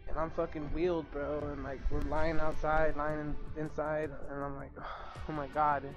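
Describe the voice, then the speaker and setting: A man's voice: fairly high pitch, flat delivery, over music. A young man telling a heated story about a fight with his manager at work. He swears constantly and keeps acting out both sides of the argument. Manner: swears constantly, rapid ranting retelling. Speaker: fast-food worker telling a story. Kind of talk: casual chat on a live stream.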